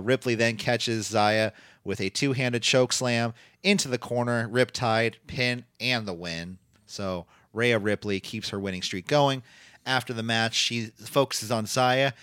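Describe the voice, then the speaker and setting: A man's voice: mid-range voice, fairly bright tone, no room sound, clean studio sound. A man casually recapping wrestling matches as a podcast host, talking in loose play-by-play full of fillers and restarts. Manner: rambling, filler-heavy play-by-play with frequent restarts. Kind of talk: casual chat.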